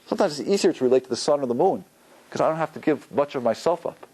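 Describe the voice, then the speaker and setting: A rabbi giving an informal, conversational Torah lecture to a class, using many fillers and acting out quoted lines. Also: male voice, a little high, lively intonation, fast, dark tone, slightly rough, low-quality recording. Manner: conversational, loose with fillers, acts out quotes with a rising voice.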